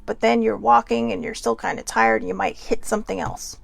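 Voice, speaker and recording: Woman host, casual self-care pep talk, heavy vocal fry, slightly high voice, dry close sound, chatty. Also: steady tone, brisk, dry recording. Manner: chatty, keeps asking "right?".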